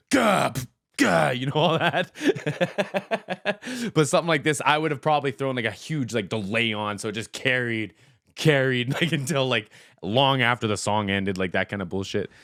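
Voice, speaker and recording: A man hosting a casual music reaction, excitable and laughing often, with lots of "like" fillers and casual swearing. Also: fairly low pitch, clear, resonant tone, dry recording, clean studio sound.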